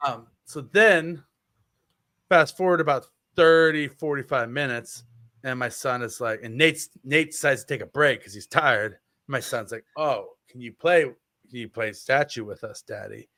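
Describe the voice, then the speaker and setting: Man, thirties, podcast co-host, animated storyteller, close dry mic. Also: mid-range voice, measured pace, dry recording. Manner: animated storyteller, acts out quotes. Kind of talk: casual chat, storytelling.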